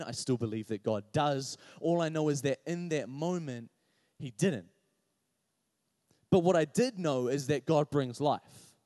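A man's voice: on the high side, darkish tone, no room sound, studio quality. A man preaching a sermon, personal and confessional, rising to impassioned pleading as he speaks to the congregation directly. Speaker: pastor.

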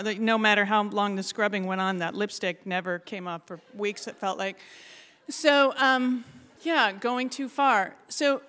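A middle-aged woman from Alaska telling a funny personal story to an audience in a lively, self-mocking way, laughing often. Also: mid-range voice. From Alaska, USA.

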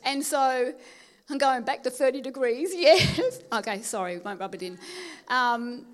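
A woman with a high, bright voice delivers a sermon. She mixes everyday stories with scripture and slows right down to press home key words. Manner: storytelling, emphatic preaching with slow stressed phrases. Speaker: pastor.

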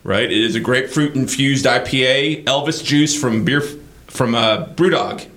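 A man's voice: medium pitch, fairly bright tone, roomy sound, a little hiss or hum. A man hosting a beer quiz on a podcast in a studio, speaking casually and upbeat with many fillers. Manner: upbeat, quick, with frequent fillers. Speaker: host running a beer quiz. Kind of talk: casual chat.

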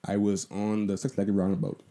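A man's voice: on the low side, monotone, a little fast, mellow. A young Bahamian man with a Bahamian accent, telling a story in a casual, profane, rambling way, full of asides. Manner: profane, loose and conversational, with lots of asides. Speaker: vlogger.

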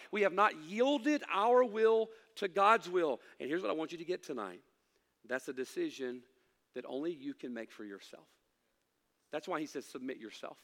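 A middle-aged man preaching a sermon as pastor, swinging from loud emphatic lines to hushed asides, with folksy humor. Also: high voice. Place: church sanctuary. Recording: long hall reverb.

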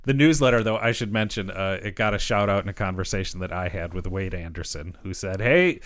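A man hosting a podcast in casual chat, easygoing and quick to laugh along with his co-host. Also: sits low, fairly even intonation, no echo.

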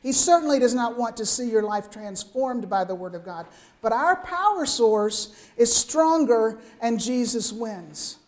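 Older female preacher, slightly high voice, chatty sermon delivery that keeps checking in with the room. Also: a little slow. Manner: lively, conversational, frequent "right?" asides.

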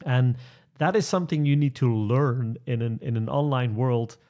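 Male trainer, conversational, halting with fillers and restarts, laughs easily. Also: medium pitch, mellow. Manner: hesitant, many restarts and fillers, chuckles often. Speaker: presentation trainer. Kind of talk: conversational podcast chat.

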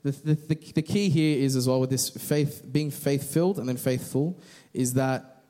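A man's voice: mid-range voice, fairly even intonation, normal speed, warm tone. A man preaching a casual, conversational sermon with frequent restarts and fillers.

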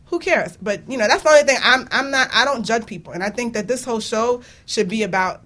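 A woman's voice: a little high, fast talker, pushed and bright. A woman hosting her own radio talk show, chatting casually and animatedly, laughing often between points.

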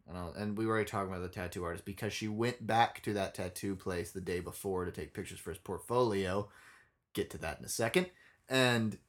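A young man co-hosting a casual podcast, telling a story bluntly with lots of swearing. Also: fairly low pitch. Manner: profane, blunt, animated storytelling. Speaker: podcast co-host.

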